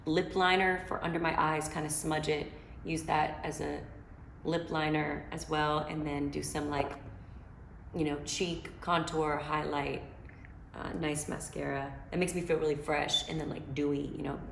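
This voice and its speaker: Low-voiced woman, chatty, in a roomy space. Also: level tone, normal speed, gravelly, a bit bright, a little hiss or hum. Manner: chatty, loose, lots of filler and slang. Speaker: singer answering fan questions. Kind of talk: casual chat. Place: her home.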